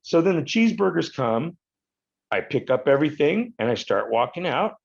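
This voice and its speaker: A man in his fifties telling a story as a podcast guest, in an animated and profane way. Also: a little high, normal speed, creaky, slightly rough, muffled recording. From United States. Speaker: podcast guest, retired wrestler. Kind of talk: casual storytelling interview.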